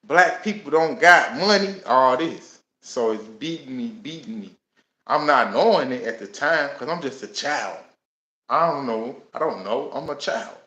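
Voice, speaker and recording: A man in his thirties telling his own life story in a casual, animated way, acting out what he and others said. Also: mid-range voice, a little slow. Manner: casual and animated, with many laughs and voiced asides. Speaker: host. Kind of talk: personal storytelling. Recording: echoey room.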